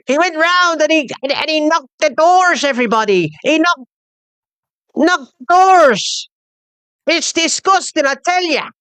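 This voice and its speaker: Woman doing a shrill mocking Irish rant voice. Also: lively intonation, unhurried, fairly bright tone, no room sound. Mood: outraged mockery. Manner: mocking, scolding, repetitive. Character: shrill ranting caricature of an angry Irish speaker.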